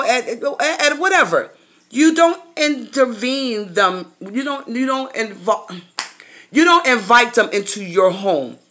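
A woman's voice: mid-range voice, a bit bright. A woman vlogger talking casually to her viewers in a blunt, profane, ranting manner.

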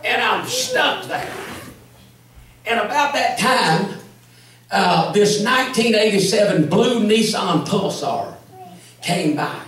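A man with a Southern US accent preaching a testimony sermon, shouting and punctuating his story with "come on" and "amen.". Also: high-pitched, animated, takes it slowly, pauses often, a little hiss or hum. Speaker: evangelist preacher. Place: church sanctuary. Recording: echoey church from far off.

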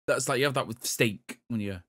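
A man's voice: medium pitch, brisk, fairly bright tone, slightly rough. A man co-hosting a gaming podcast, chatting loosely and rambling. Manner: rambling, loose, swears casually. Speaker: podcast co-host. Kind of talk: casual chat.

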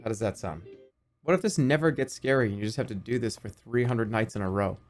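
A man in his thirties playing a video game, swearing and swinging between low mutters and excited yelps. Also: quick pace, faint music behind. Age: 30s. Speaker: streamer. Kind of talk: let's play commentary.

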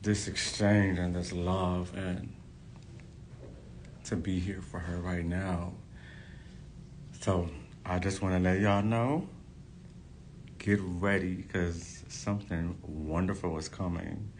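A man's voice: low-pitched, fairly even intonation, takes it slowly, pauses often, slight background noise. A hairstylist talking to his followers in a casual, effusive vlog, gushing and repeating himself.

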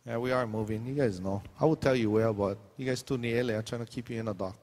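A man's voice: medium pitch, quick pace, a little mellow, big-room sound. A man from Hawaii with a Hawaiian Pidgin accent, preaching in a church and teasing his congregation with jokes. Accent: Hawaiian Pidgin English. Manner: jokey, teasing banter with the crowd. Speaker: pastor. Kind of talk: joking sermon to a congregation. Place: church hall.

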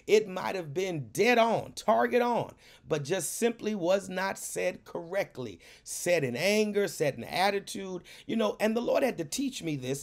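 A middle-aged man preaching in a high-pitched voice. He stacks repeated phrases and drops "hallelujah" between thoughts, with a pastor's sermon cadence. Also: vocal fry. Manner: punctuates phrases with "hallelujah", repeats words for emphasis.

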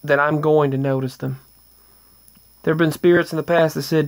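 A man's voice: on the high side, flat delivery, normal speed, long pauses. A man earnestly telling a rambling, casual story about paranormal events at home, often restarting his sentences. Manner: rambling, with restarts and trailing asides. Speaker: vlogger.

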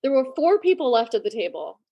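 A woman in her forties hosting a podcast, telling stories in a lively way with quick asides and frequent laughs. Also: high voice, husky, dull audio. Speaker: podcast host. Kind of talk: casual chat.

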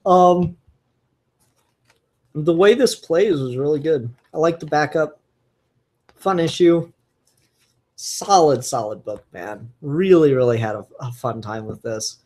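Slow, rambling comic book reviewer. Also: medium pitch, darkish tone. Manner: enthusiastic, rambling, frequent fillers and restarts. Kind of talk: casual solo review podcast.

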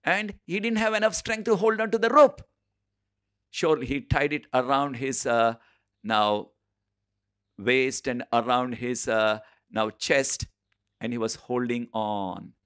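A man preaching a sermon, telling a story with frequent pauses and repeated phrases. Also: mid-range voice, a bit bright, clean tone. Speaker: preacher and Bible teacher.

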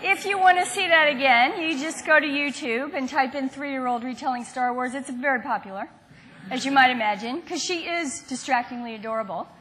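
High-pitched woman lecturer from the southern US, engaging, quizzes the room. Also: fairly quick, fairly bright tone, some chatter behind, slight background noise. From Southern United States. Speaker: university lecturer. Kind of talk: university lecture.

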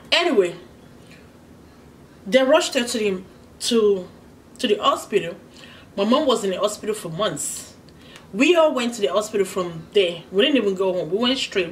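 A Nigerian woman hosts a casual eating vlog, talking in a chatty, storytelling way and stopping to hum over her food. Her voice sits at a middle pitch. The mic is set a little away from her, with a faint noise underneath. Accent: Nigerian English. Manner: chatty and storytelling, pausing to eat with hums of enjoyment. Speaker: vlogger, host of the channel. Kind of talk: casual mukbang chat while eating. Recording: slightly distant mic with faint background noise.

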